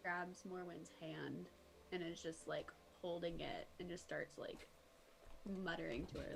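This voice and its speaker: A woman's voice: lowish voice, gravelly, slight background noise, low-quality recording. A woman playing a tabletop game, chatty and casual, filling her speech with "like". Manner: quick, chatty, lots of "like". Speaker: player.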